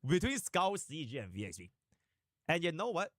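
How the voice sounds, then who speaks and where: A man live streaming and chatting casually, animated and rambling, with sudden fast bursts. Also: on the high side, no room sound, studio quality.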